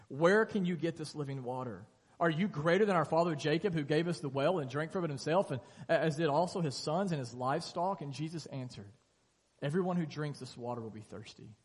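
Animated pastor preaching in an echoey hall. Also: male voice, on the high side, brisk, slightly rough. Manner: animated storytelling, acting out scripture dialogue. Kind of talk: sermon. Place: church sanctuary.

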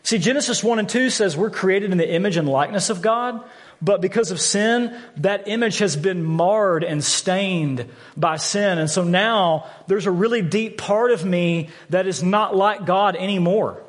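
A man's voice: high voice, measured pace. A man in his thirties preaching a sermon, earnest and candid, often repeating words as he stresses a point. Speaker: pastor. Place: church sanctuary. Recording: long hall reverb from a church.

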